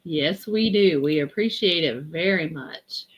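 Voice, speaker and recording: A woman hosting a live vintage sale stream, chatty and unhurried as she reads out item sizes and prices. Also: low-pitched, husky. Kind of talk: live-stream sales pitch.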